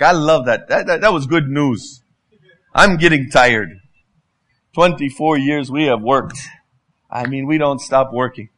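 A high-voiced man in his fifties preaches as a guest speaker. He delivers his sermon through lively, humorous stories, with a bright and animated manner. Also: normal speed. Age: 50s.

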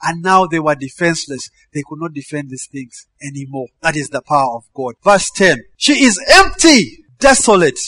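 A man preaching a sermon, animated, breaking into shouted quoted commands and laughing between verses. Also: fairly high pitch, a little fast, hardly any pauses, husky, dry recording.

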